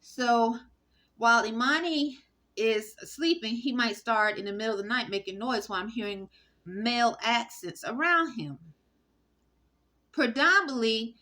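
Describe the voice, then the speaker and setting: A woman talking straight to camera in a rambling, halting monologue full of fillers and restarts. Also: medium pitch, sharp tone. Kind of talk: casual spoken monologue.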